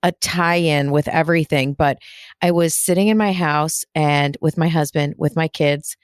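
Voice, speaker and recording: A woman's voice: low voice, steady tone, measured pace, smooth, dry recording, studio quality. A woman hosting her own podcast as a spiritual medium, talking in a chatty, rambling way with fillers and restarts. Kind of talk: casual solo podcast talk.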